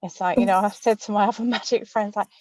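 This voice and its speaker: A woman's voice: mid-range voice, fairly even intonation, quick pace, darkish tone, no echo. A woman, a magician, chatting casually on a panel over a video call from inside a car, with many fillers.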